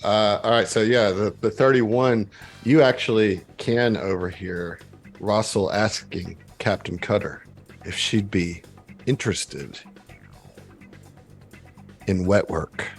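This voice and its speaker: A man narrating as game master in a relaxed, halting way with fillers. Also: on the low side, faint music behind.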